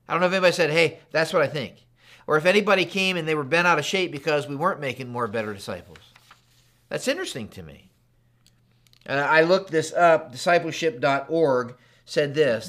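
A man's voice: fairly high pitch, a bit bright. A man in his fifties preaching a sermon, telling stories in a conversational way and acting out the dialogue. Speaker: pastor.

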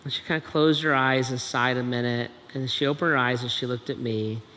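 A middle-aged man from Ohio tells a personal story in a sincere, conversational way and keeps checking in with the room. His voice is bright and forceful. It rings out in a large, echoey hall, with a faint hum of ambience behind it. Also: mid-range voice, fairly even intonation, a little fast. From Dayton, Ohio, USA. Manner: earnest, conversational, frequent "right?" asides. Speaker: speaker.

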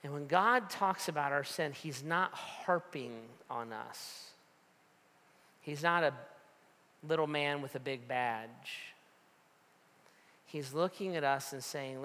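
A male pastor preaches in a lively conversational way, telling stories and pressing his point with repeated rhetorical questions. His voice sits fairly high and sounds bright and forceful. It echoes with the long reverb of a large hall. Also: slow pace, pauses often. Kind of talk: sermon.

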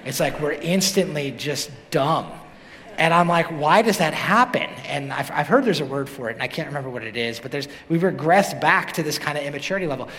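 A man preaching a sermon as pastor, animated and building to emphatic questions. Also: fairly high pitch, brisk. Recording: long hall reverb.

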